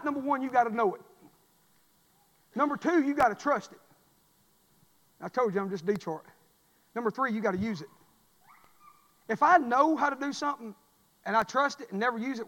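A man preaching a folksy sermon, telling stories and rising into shouts. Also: extremely high pitch. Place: church sanctuary. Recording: long reverb of a church hall.

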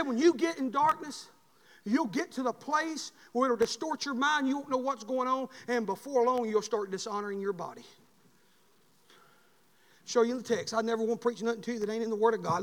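Man, preacher, folksy fervent sermon, very high voice, long church reverb. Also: a bit bright.

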